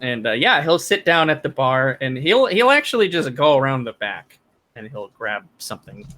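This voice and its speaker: A man narrating a tabletop game as dungeon master, in a halting way with many fillers and restarts. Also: mid-range voice, big pitch swings, sharp tone.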